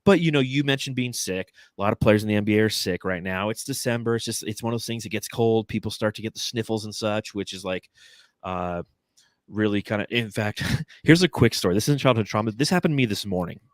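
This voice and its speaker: A man's voice: lowish voice, fairly quick, no echo, clean studio sound. A man co-hosting a casual sports podcast, chatting loosely and acting out quotes in his stories. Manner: animated storyteller, acts out quotes. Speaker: podcast co-host.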